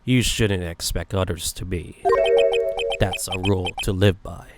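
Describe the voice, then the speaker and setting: A man voicing a cocky adult male prosecutor, slow and condescending, over game music. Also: deep voice, fairly even intonation, voice pushed down. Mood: smug.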